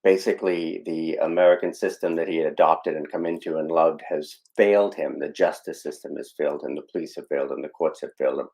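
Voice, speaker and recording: A man's voice: rumbling low, fairly even intonation, brisk, gravelly, few pauses, darkish tone, low-quality recording. A man hosting a podcast, casually explaining a film scene with frequent fillers and asides. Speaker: podcast host.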